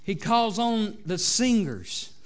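High-voiced Southern preacher. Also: male voice, animated, takes it slowly. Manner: preachy, rising and falling between loud exhortation and soft asides, many "amens". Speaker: pastor. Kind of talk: sermon. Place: church sanctuary.

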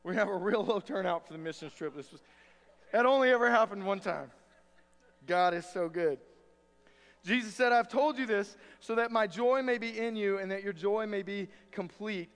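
A man's voice: high-pitched, moderate pace, a bit bright. A man preaching a sermon to his church, with a folksy, conversational style that moves between reading scripture and telling stories. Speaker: pastor. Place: church sanctuary. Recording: long church reverb.

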